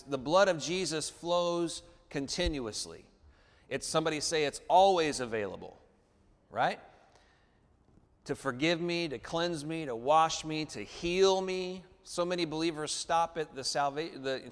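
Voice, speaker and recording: A male pastor preaching a sermon, drawing the congregation in with "amen?" and call-and-response prompts. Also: a little high. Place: church building. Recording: long reverb of a church hall.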